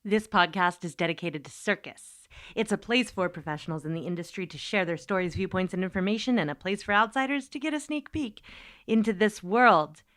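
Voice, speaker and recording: A woman's voice: medium pitch, fairly quick, no echo, clean studio sound, soft background music. Chatty, playful woman podcast host. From United States. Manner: chatty and playful, lively asides. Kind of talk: podcast monologue.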